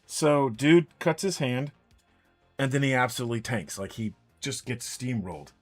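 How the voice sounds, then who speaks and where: A man's voice: mid-range voice, normal speed. A man casually telling a long anecdote during a painting stream, acting out what each person said. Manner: animated anecdote, quoting others in dialogue. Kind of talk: casual storytelling while painting miniatures. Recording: faint music in background.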